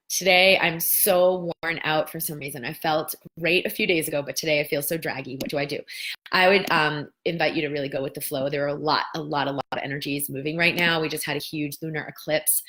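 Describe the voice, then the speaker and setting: This deep-voiced woman in her thirties answers questions from viewers during a casual spiritual coaching session. She's animated, giving voice to the doubters as she goes.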